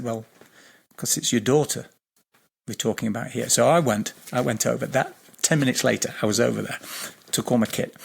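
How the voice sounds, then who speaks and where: A middle-aged man, a guest who works as a geobiologist and healer, tells a long anecdote during an interview. His mid-range voice is slightly rough with vocal fry, and he rambles hesitantly with many fillers and restarts.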